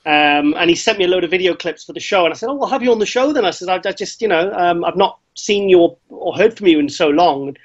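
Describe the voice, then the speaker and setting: Chatty man, high and lo-fi. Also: fast talker, hardly any pauses. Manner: excitable storytelling, lots of restarts. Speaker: co-host. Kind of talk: casual chat. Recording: slightly dull lo-fi sound.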